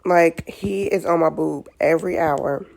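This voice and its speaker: Tired low-voiced young mom, gravelly. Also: female voice, a little slow, a little mellow. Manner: tired, candid, talks it through with many "like"s and "you know"s. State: exhausted. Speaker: new mother vlogging. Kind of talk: casual talk to camera.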